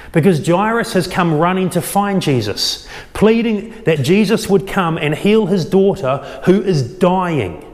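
A man delivers a sermon, retelling a story with animated, acted-out quotes. His voice sits a bit high. It rings out with the long reverb of a large hall. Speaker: pastor.

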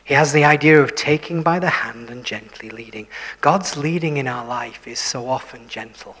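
A man preaching a sermon, dropping to hushed whispers for emphasis and putting questions to his listeners. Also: medium pitch, moderate pace. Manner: shifts between full voice and hushed whispers for emphasis; self-deprecating, asks the listeners questions. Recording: long hall reverb.

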